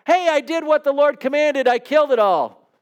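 Casting: a preacher playing a wheedling, excuse-making king, pitched well up. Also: lively intonation, moderate pace. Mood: defensive. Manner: justifying, wheedling, backpedaling. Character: defensive ancient king making excuses, male.

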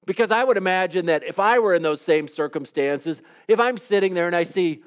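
High-voiced male preacher asking questions. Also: fairly quick, few pauses, clear, resonant tone. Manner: conversational, asks the listeners rhetorical questions. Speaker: pastor. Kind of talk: sermon.

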